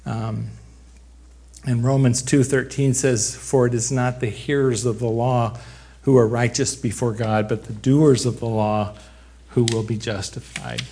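Man, pastor, sermon, slow delivery, mid-pitched voice, conversational. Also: fairly even intonation, dark tone, husky. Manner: unhurried, conversational, joking with the congregation. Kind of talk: sermon with a live demonstration.

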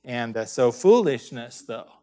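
A man preaching a sermon, pausing often and raising his voice to stress scripture readings. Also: mid-range voice, darkish tone.

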